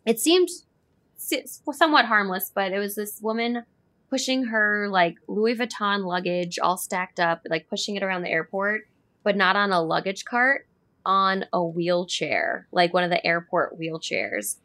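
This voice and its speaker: A woman's voice: mid-range voice, measured pace, pushed and bright. A woman guest on a podcast, telling a wry airport story with laughs. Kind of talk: casual storytelling.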